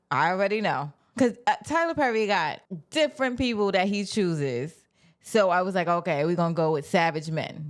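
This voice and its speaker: Sassy woman recapping a movie. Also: mid-range voice. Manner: sassy, animated storytelling with acted-out quotes. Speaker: film reviewer. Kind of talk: casual spoken movie review.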